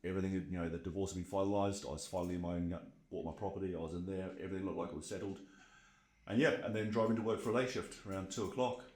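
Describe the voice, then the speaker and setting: A man's voice: sits low, fairly even intonation, rapid-fire, a little mellow, echoey room. A man in his forties with a New Zealand accent, a guest telling his own story in a casual podcast interview, candid and reflective with many fillers. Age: 40s. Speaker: guest, burnout coach.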